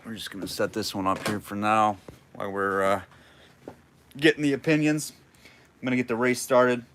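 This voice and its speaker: Male auctioneer for a live online sale, chatty and jokey, bright forward voice, calls bids in between banter. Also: lowish voice, steady tone, normal speed, slight background noise. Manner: chatty, jokey, reads out bids and names viewers.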